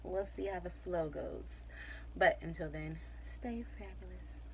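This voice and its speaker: A woman's voice: lowish voice, fairly even intonation, measured pace, vocal fry, a bit bright, a little hiss or hum. A young pregnant woman giving a rambling, chatty vlog update, full of fillers and little laughs. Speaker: vlogger.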